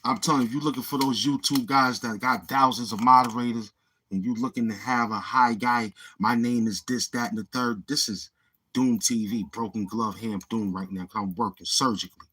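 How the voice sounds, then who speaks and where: A man's voice: mid-range voice, steady tone, brisk, bright, forceful tone, breathy edge. A man with a New York accent hosting a livestream, boasting and taunting his chat in street slang. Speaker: livestream host. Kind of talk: live-stream trash talk.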